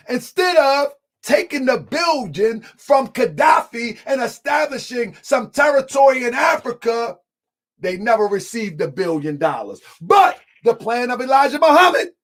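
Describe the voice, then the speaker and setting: Debater: a man with a strikingly high voice, shouts his points and hammers them home with repeats. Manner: emphatic, often shouting, repeats lines for effect; addresses the audience as family. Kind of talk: heated live debate.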